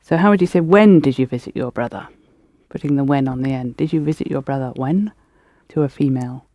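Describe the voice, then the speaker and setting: A woman's voice: extremely low pitch, brisk, dark tone, dry recording, studio quality. A woman teaching a language lesson, patiently prompting students and correcting their pronunciation.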